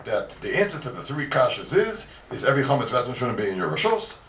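A man gives an animated Talmud lecture as a Torah teacher, firing rhetorical questions at his listeners. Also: mid-range voice, fast talker, a little hiss or hum. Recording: roomy echo from far off, faint ambience.

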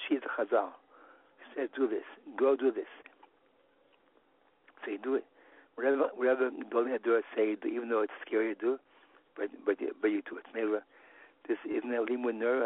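A man with a husky voice gives a Torah lesson, stumbling and repeating phrases as he goes. His pitch sits in the middle for a man. The sound is thin and boxy, like a phone line. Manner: halting and repetitive, many restarts. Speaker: religious teacher.

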